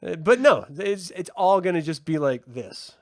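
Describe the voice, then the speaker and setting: American guy riffing on a baking show, voice jumps all over, slightly high, dry close sound. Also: moderate pace, dry recording. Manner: animated, swears, does mocking voices, laughs often. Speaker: podcast co-host. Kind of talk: casual review chat.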